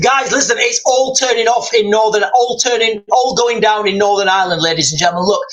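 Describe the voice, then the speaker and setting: A man's voice: high-pitched, brisk, few pauses, a bit bright, poor audio. A man hosting a live stream, reading out viewer comments and talking straight to his audience in a rambling, repetitive way. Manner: rambling, repeats himself, talks straight to viewers.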